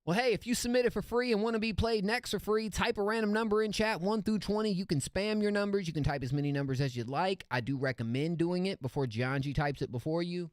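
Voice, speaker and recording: A young man hosting a live-stream song review, excitable and slangy, laughing often as he reacts. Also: high voice, quick pace, few pauses, dry recording, clean studio sound.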